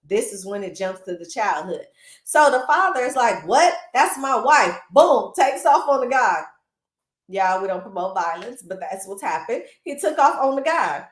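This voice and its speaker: A woman hosting a casual movie recap, animated and chatty, with lots of asides to her viewers, recorded in a roomy space. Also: medium pitch, moderate pace. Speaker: film recap host. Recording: roomy echo.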